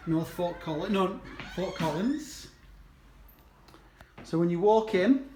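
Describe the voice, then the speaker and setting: A man working as a realtor, chatting casually as he walks through a show home and points out its features. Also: high voice. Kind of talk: casual walkthrough home tour. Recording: echoey empty rooms, faint background noise.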